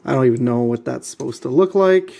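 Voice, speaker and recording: Briskly and with a creaky, warm mid-range voice, a vlogger chats casually while building a model kit. He sounds exasperated, muttering and saying the same things repeatedly.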